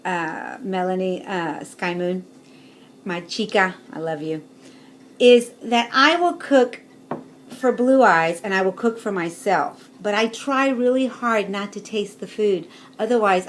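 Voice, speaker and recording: Chatty woman vlogging with faint hiss. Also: medium pitch. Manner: chatty, demonstrating with bowls, laughs often. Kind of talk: casual chat to camera.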